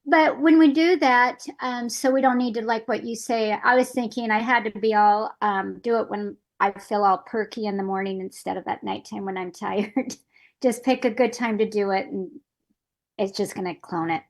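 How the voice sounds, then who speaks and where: A woman's voice: medium pitch, fairly even intonation, normal speed. A woman asking questions in a casual online Q&A, hesitant, with frequent fillers and light laughs, over a video call. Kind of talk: casual webinar Q&A.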